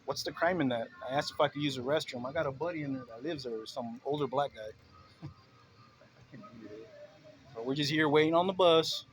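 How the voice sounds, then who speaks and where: At a bus stop, a vlogger films a street confrontation on his handheld phone, ranting profanely to the camera, laughing and saying "bro" constantly in slangy speech. His medium-pitched voice moves at a moderate pace. The poor audio includes faint street and traffic noise.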